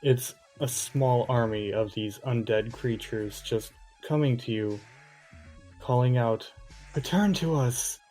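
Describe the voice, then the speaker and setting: A man's voice: mid-range voice, takes it slowly, soft background music. A man running a tabletop role-playing game, describing scenes to the players. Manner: descriptive, steady narration. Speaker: game master.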